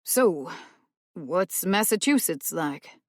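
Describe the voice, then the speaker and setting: A woman's voice: lowish voice, expressive, slow, dry recording, clean studio sound. Woman doing a hesitant polite man. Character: hesitant polite adult man, new guest.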